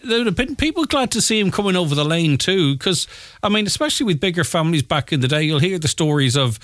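A man's voice: fairly high pitch, expressive, fast talker, a bit bright, dry recording, clean studio sound. A man hosting a casual radio interview, chatty and prompting his guest with his own thoughts. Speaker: radio host.

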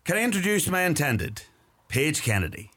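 A man playing a husky returning son. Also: on the high side, big pitch swings, normal speed, fairly bright tone, exaggerated voice. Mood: warm. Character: returning Irish son, warm and polite.

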